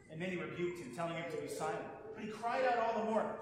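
A man reading a gospel passage aloud in a measured, unhurried liturgical style in a church sanctuary. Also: high-pitched, expressive. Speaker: scripture reader. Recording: very echoey church hall with background noise.

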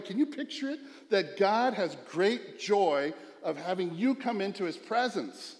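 A man's voice: high-pitched, big pitch swings, measured pace, few pauses. Earnest preaching man in an echoey hall. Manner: earnest, swings from hushed to emphatic. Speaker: pastor. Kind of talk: sermon. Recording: echoey hall with long reverb.

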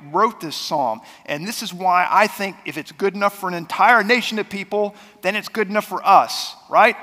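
A man preaching a sermon as pastor, talking in a conversational way that swings between loud and soft. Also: high voice, big-room sound. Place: church sanctuary.

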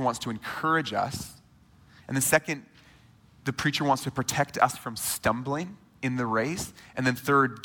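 A man in his thirties preaching a sermon to a church congregation in a conversational, animated way, speaking straight to his listeners. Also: mid-range voice, in a large hall. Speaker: pastor. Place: church sanctuary.

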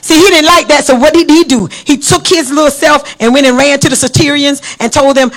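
A guest pastor preaching a sermon with passion, swinging between loud calls and hushed lines and dropping in amens and praise Gods. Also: sits high, fairly even intonation, a little fast, hardly any pauses. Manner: fillers like amen and praise God.

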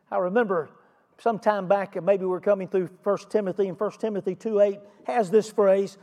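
A man with a notably high voice delivers a sermon as a pastor, teaching earnestly and posing rhetorical questions to his congregation. His voice rings out with a long reverb, as if in a large church sanctuary. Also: darkish tone.

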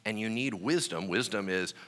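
A man's voice: fairly low pitch, normal speed, a bit bright. A male pastor giving a conversational sermon, checking in with listeners with "right?" and acting out quoted voices. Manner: acts out voices in quoted asides.

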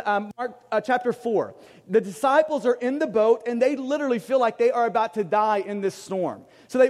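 High-voiced male pastor preaching in a reverberant hall. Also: a little mellow. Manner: emphatic, repeats key questions. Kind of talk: sermon.

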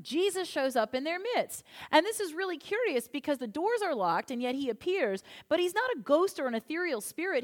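High-voiced woman pastor preaching. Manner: conversational, animated storytelling. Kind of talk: sermon.

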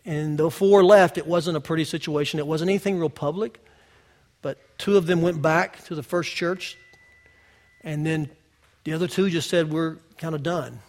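A male pastor preaching a sermon in a conversational way, telling personal stories straight to the congregation and swinging from loud to hushed. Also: a little high, fairly even intonation, moderate pace. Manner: personal storytelling, addressing the congregation directly.

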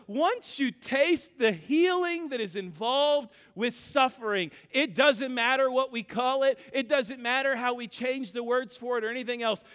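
A male pastor preaching with a notably high voice. He tells a story and acts out its quotes with lively energy, and his voice rings through a reverberant hall. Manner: storytelling, animated with acted-out quotes. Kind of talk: sermon.

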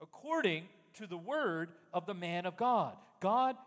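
A man's voice: high voice, animated, measured pace, fairly bright tone, long reverb tail. A man preaching a sermon in an emphatic style, full of rhetorical questions. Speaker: pastor.

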